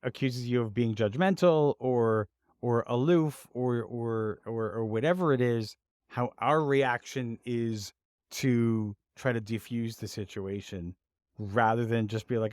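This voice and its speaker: A man's voice: mid-range voice, unhurried, darkish tone, dry recording, studio quality. A man co-hosting a podcast in casual chat, laughing often, restarting sentences and joking about himself. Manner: laughs often, many restarts, self-deprecating. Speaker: podcast co-host.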